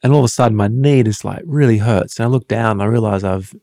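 A man's voice: fairly low pitch, quick pace, warm tone, no echo, clean studio sound. A man co-hosting a podcast with his wife, telling stories with self-mocking humour. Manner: joking, self-mocking storyteller. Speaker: co-host, husband. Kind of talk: casual podcast chat.

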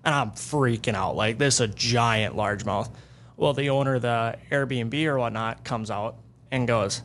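A man being interviewed as a guest angler. He tells fishing stories in an excitable, animated way. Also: medium pitch, normal speed. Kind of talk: casual storytelling interview.

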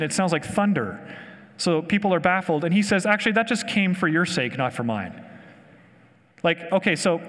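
Enthusiastic pastor in a reverberant hall. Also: male voice, on the high side. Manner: conversational, enthusiastic, asks the room questions. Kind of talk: sermon.

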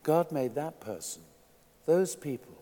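A man preaches slowly and deliberately, his voice sitting a little high for a man. He is emphatic, dropping to quiet asides and then rising to loud declarations. The sermon rings with the long reverb of a church hall. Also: animated.

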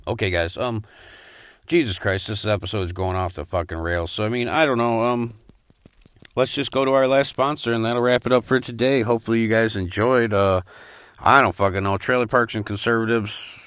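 A young man hosting a crude comedy podcast, hesitant with many fillers and quick to swear. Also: on the low side, steady tone, a bit bright, clear, resonant tone, no echo. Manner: hesitant, full of "um", bursts into angry swearing. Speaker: podcast host.

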